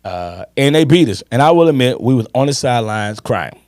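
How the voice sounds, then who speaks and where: A man in his fifties holds forth on a sports podcast. His talk swings widely up and down in pitch, emphatic and salty, with stories that wind on. The sound is dry and close. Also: expressive, a little mellow, dry recording. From Chicago. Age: 50s. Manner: emphatic, swearing, drawn-out storytelling. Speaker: podcast co-host. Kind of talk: casual sports chat.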